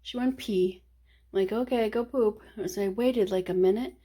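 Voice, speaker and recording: A woman's voice: medium pitch, moderate pace, dark tone, breathy edge. A woman chatting casually to the camera from home, rambling between topics and sometimes dropping to a whisper. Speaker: vlogger. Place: at home, working from home.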